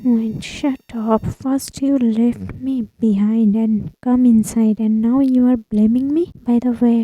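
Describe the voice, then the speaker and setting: A woman narrating a fan-fiction story in the first person, reading every character's lines in a measured way. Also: fairly high pitch, fairly even intonation, warm tone, no room sound, rough recording.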